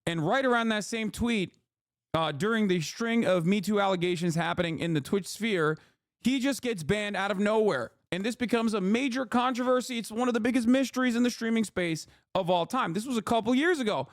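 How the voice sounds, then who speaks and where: A man's voice: high-pitched, a little fast, dry recording, studio quality. A man in his thirties, a streamer giving casual, profane, exasperated commentary on news.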